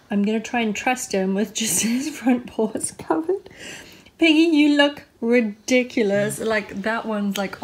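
A woman's voice: medium pitch, slight background noise. A young woman chatting casually in a home vlog, often cooing at her dog. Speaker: vlogger and dog owner.

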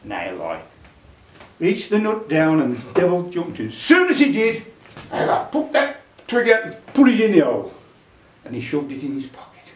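Lively storyteller in a club. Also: male voice, a little high, normal speed, far from the mic. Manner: chatty, dialect-laced, addresses audience. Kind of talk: live comic folk tale telling. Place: folk club room. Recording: roomy club sound from afar.

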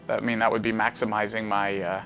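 A man hosting a livestream, casually commenting on his card game as he plays, animated and joking while he thinks aloud. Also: on the low side, quick pace, soft background music. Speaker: host.

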